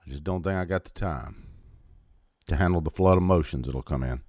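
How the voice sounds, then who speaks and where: Fairly quick and low-pitched, with a slightly mellow voice, a fifties-aged host rants defiantly about politics on his own channel, swearing heavily and making sarcastic asides. The recording is dry and studio quality.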